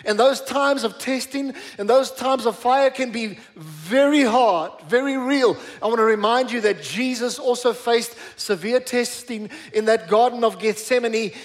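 A middle-aged man preaching a sermon in church, emphatic, repeating words for stress and slowing down on key phrases. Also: very high-pitched. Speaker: pastor.

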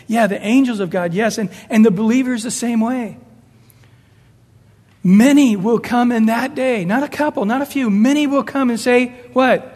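A man's voice: sits high, normal speed, darkish tone, big-room sound. A man preaching a sermon emphatically, rising and falling as he acts out the voices he quotes. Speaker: pastor.

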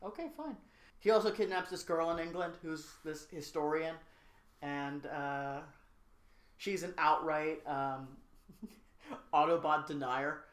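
A podcast co-host in casual chat, recapping a movie plot in a rambling, joking way with lots of fillers and quick asides. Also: medium pitch. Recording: roomy echo.

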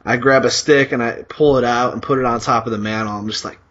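A man's voice: mid-range voice, fairly even intonation, fast talker, a bit bright, lo-fi sound. A man co-hosting a podcast, telling a long story in a rambling, profane way with lots of fillers. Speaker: podcast co-host. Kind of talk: casual storytelling.

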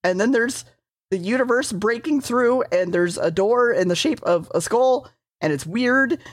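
A woman's voice: a little high, lively intonation, a little slow, no echo, studio quality. A woman casually recapping a TV episode, rambling, swearing freely and correcting herself as she goes.

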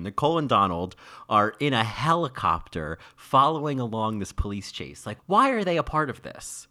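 A man chatting casually as he reviews a TV miniseries, wry and loose, with lots of fillers and sudden jumps in pitch. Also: pushed and bright.

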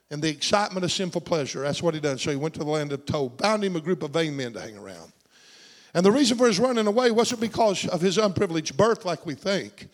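A man preaching a sermon. He calls out for amens and swings from low, hushed asides to shouted climaxes. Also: big-room sound.

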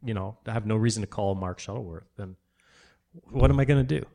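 A man co-hosting a casual tech podcast, joking in a deadpan way. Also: fairly low pitch, quick pace, creaky. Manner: deadpan joker. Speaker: podcast co-host. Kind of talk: casual chat.

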